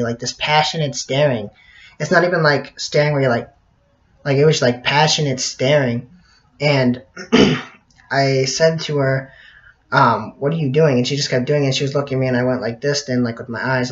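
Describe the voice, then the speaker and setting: A man's voice: medium pitch, fairly bright tone. Rambling teenage boy, muffled lo-fi audio. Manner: rambling, filler-heavy, clears throat often. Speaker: vlogger. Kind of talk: casual storytelling to camera. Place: bedroom at night. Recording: dull lo-fi audio.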